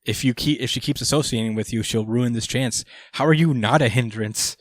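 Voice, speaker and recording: A man's voice: mid-range voice, fairly quick, no echo, clean studio sound, lightly acted. A man voicing a calculating male scientist from a manga who argues in a lecturing way. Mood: scornful.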